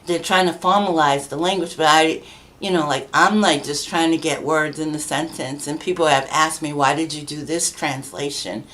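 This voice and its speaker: A woman's voice: low-pitched, moderate pace, fairly bright tone. A middle-aged woman from Massachusetts, a guest author, telling stories in a chatty way, laughing often and acting out the voices of people she quotes. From New Bedford, Massachusetts, USA. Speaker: guest, children's book author. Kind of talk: casual conversational storytelling.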